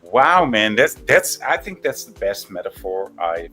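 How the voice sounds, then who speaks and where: A man as a panel guest in a casual chat, rambling and crude, with halting restarts. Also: lowish voice, very animated, pushed and bright, husky, soft background music.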